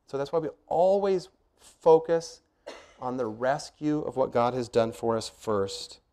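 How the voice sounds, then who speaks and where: A middle-aged pastor with a mellow, mid-range voice preaches unhurriedly yet earnestly and emphatically. He poses rhetorical questions and sets out numbered points.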